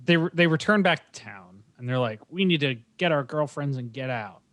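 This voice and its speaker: A man's voice: a little high, brisk, no echo. A man hosting a podcast, casually recapping a film plot. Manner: relaxed storytelling recap. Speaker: podcast host. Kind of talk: casual chat.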